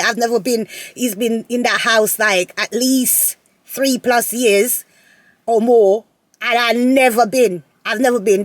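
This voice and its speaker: A woman telling a personal story to her viewers in a casual, animated way, often repeating phrases and laughing. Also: medium pitch, dry recording. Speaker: vlogger.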